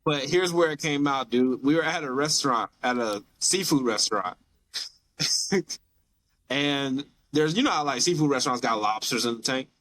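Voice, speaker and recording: A man's voice: medium pitch, moderate pace, fairly bright tone, no echo. A man from the Southern United States with a light Southern accent, chatting as a podcast guest and telling stories animatedly. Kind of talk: casual chat.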